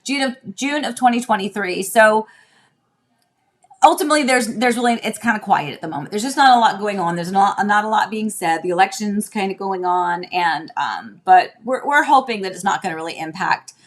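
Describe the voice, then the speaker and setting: A woman's voice: mid-range voice, animated, normal speed. A woman who is a real estate agent hosting a casual live stream from her home, chatty and rambling as she talks. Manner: chatty and rambling, with many restarts.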